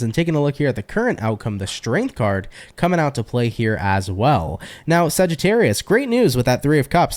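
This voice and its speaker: A man's voice: fairly high pitch, a little mellow. A man giving a casual tarot reading to his viewers, chatty and talking to them directly. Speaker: tarot reader.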